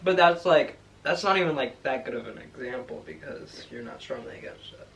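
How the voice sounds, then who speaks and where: A man's voice: medium pitch, expressive, a little fast, creaky, distant mic, a little hiss or hum. A young man answering couples questions in a casual chat, hesitant and full of "um"s. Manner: hesitant, many "um"s, soft-spoken. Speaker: boyfriend, co-host.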